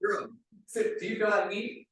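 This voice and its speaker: A man's voice: sits high, very animated, moderate pace, gravelly, a bit bright, slight background noise. A man coaches a group through a live demonstration, chatty and checking in with "right?" after his points. His voice bounces around a very reverberant room. He sounds some distance from the microphone. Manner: chatty, ends many phrases with "right?". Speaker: wellness coach leading a demonstration. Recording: very echoey room, mic far off.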